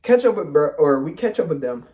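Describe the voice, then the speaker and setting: A man's voice: fairly high pitch, lively intonation, a little fast, mellow. A young man telling a casual storytime vlog, full of slang and swearing, acting out the people in his story. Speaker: vlogger.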